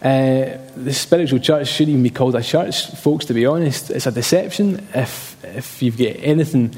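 A man's voice: mid-range voice, normal speed, darkish tone, long reverb tail. A man preaching a sermon emphatically, repeating key phrases and telling personal stories.

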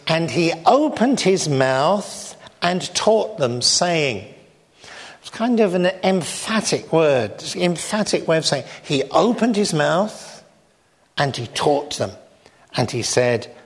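A man preaching a sermon, measured and emphatic, slowing down to stress key phrases. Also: fairly high pitch.

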